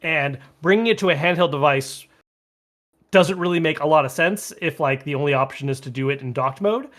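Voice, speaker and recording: A man co-hosting a video game podcast chats casually and rambles with lots of filler words, his voice on the high side, fairly quick, and a bit bright.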